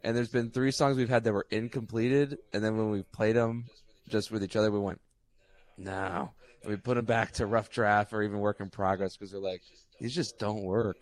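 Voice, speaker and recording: Animated low-voiced man. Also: brisk. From Georgia, US. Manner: animated, acts out little scenes. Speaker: songwriter guest. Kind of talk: casual interview chat.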